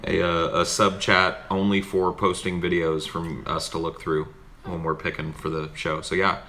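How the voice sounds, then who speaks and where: A man's voice: low-pitched, little pitch movement, normal speed, sharp tone. A man co-hosting a casual livestream, talking in a laid-back, slangy way. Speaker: co-host reading chat.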